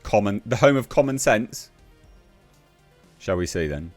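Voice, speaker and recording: A man delivers a casual political rant in a low voice. He sounds exasperated and mocking, and his pitch swings widely as he talks. Faint music plays in the background. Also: lively intonation, measured pace. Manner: blunt, exasperated and mocking, with sarcastic asides. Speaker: political commentary podcaster.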